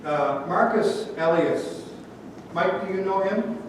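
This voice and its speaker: High-ish male pastor, chatty storytelling sermon, far from the mic, lots of echo, a little noise behind. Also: unhurried. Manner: conversational, storytelling with light humor. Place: church sanctuary. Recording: echoey church hall from afar.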